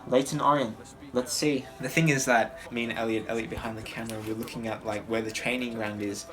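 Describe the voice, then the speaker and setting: A man's voice: medium pitch, flat delivery, brisk, a bit bright. Young man vlogging in a roomy hotel room. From Australia. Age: 20s. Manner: thinking aloud, chatty and hopeful. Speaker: footballer vlogger. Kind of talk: casual vlog talk to camera. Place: hotel room at night, indoors. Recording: roomy, distant camera audio with music.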